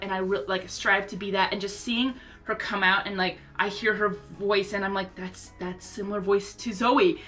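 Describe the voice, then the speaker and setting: A young woman telling a personal story to her viewers in an excitable, gushing way, full of fillers and restarts. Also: fairly high pitch. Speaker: vlogger. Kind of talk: casual storytelling.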